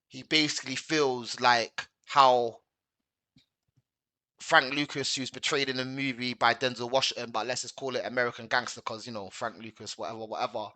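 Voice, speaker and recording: A man's voice: medium pitch, sharp tone, no echo. A man hosting a slangy, rambling sports chat. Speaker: host. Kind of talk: casual chat.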